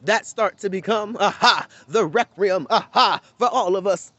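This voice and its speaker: A man imitating a pompous preacher who puts a drawn-out "aha" before every phrase. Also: high voice, pushed and bright, pitched above the performer's own voice. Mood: mocking. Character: pompous male preacher with a sing-song drawl.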